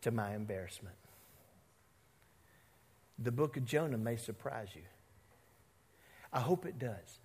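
Slightly rough and mid-pitched, this man's voice is unhurried and full of long pauses. He's a pastor preaching in a church sanctuary, animatedly voicing the characters in a story, and the recording carries a long hall reverb.

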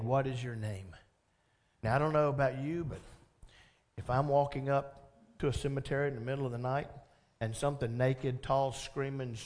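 A male pastor with a medium-pitched voice preaches a sermon, telling the story with animated energy. He asks the congregation questions and laughs along with them.

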